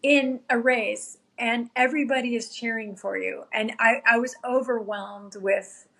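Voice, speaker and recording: A woman's voice: on the high side, fairly even intonation, a little slow, gravelly, fairly bright tone. Earnest woman recounting an emotional race finish. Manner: earnest, tearful at times, quotes herself. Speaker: podcast guest, ultrarunner. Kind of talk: emotional storytelling.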